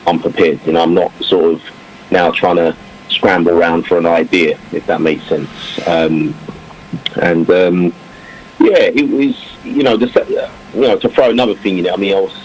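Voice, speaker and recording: A former English cricketer chatting in an interview, reflective, with many fillers and restarts. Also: male voice, low-pitched, fairly even intonation, moderate pace, rough recording. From England. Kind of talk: casual interview talk. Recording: faint background noise.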